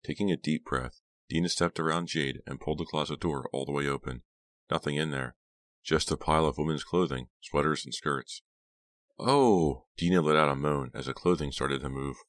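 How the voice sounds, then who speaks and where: A man narrating a horror novel in a measured, scripted reading. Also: very deep voice, fairly even intonation, a bit bright, dry recording. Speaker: audiobook narrator.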